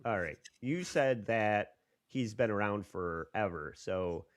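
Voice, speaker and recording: A man's voice: fairly low pitch, lively intonation, slow pace, no room sound. A man co-hosting a podcast in casual chat, joking and laughing often as he talks. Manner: laughs often, swears, loose and jokey. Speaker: podcast co-host.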